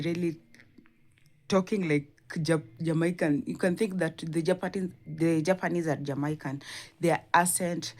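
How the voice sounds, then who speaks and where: A woman with a very low voice talks casually to her viewers as host of her channel. She circles back over her points in simple, repetitive phrasing with slips in grammar. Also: darkish tone. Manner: repetitive, non-native grammar. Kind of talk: casual commentary to camera.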